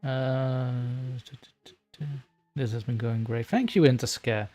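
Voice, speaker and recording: Male streamer, casual and giggly, middle pitch, faint music behind. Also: unhurried, warm tone. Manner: scattered, self-mocking, giggly, chatty. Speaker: streamer, horror story narrator. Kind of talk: casual live-stream chat.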